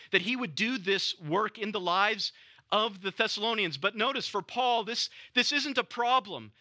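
A man preaching an expository sermon, measured and emphatic, repeating key phrases for weight. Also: high voice, bright, forceful tone.

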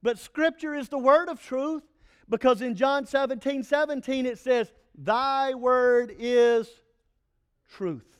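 A male pastor preaching a sermon, animated and playful, with joking asides to the congregation. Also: extremely high pitch, normal speed, smooth.

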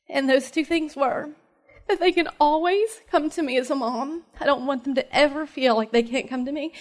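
A woman's voice: high voice, fairly bright tone. A woman in her thirties from East Tennessee with a Southern accent, giving a chatty, heartfelt personal faith talk to a group of mothers, with lots of fillers and laughter. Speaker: speaker at a moms' ministry meeting.

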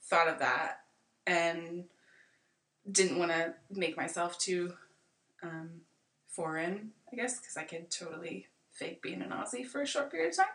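Young american woman, podcast guest, bright clear voice, rambling reflective talk, echoey room, set back from the mic. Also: lowish voice, lively intonation, measured pace, distant mic. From United States. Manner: reflective, rambling with many fillers. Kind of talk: casual conversation.

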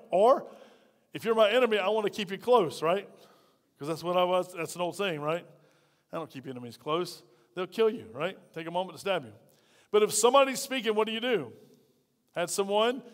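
A man preaching a sermon from a lapel mic, talking conversationally and acting out the quotes he reads, swinging between loud bursts and quiet asides. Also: high-pitched, big-room sound. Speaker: pastor. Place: church hall.

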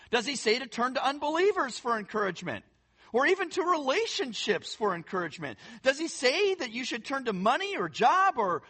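Pastor delivering a sermon. Earnest and emphatic, unhurried, with a voice that rises and falls widely. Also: high voice. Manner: emphatic, builds to loud stressed phrases; earnest, repeats words for emphasis.

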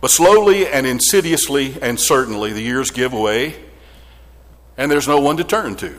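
Reflective middle-aged preacher in a hall. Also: male voice, medium pitch, lively intonation, moderate pace, fairly bright tone. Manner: reflective storytelling, direct address to the congregation. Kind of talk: sermon. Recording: long hall reverb.

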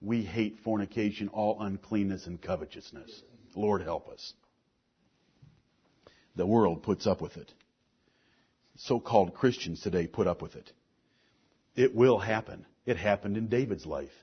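A pastor preaches a sermon to his congregation, reading scripture and explaining it with strong emphasis. His voice is measured and breathy-edged with frequent pauses, building to rising emphasis before dropping low and quiet. The church recording is dull and lo-fi.

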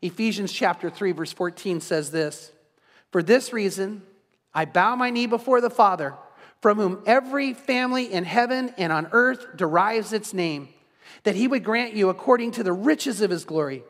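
Middle-aged male pastor, high voice, earnest preaching with restarts, long hall echo. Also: lively intonation, normal speed, fairly bright tone. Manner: earnest, repeats words, stumbles and restarts. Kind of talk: sermon.

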